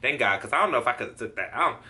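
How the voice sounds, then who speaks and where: A man's voice: medium pitch, animated, racing, bright, forceful tone. A man in his twenties vlogging a storytime, acting out his own reactions and swearing freely. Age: 20s. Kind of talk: storytime vlog.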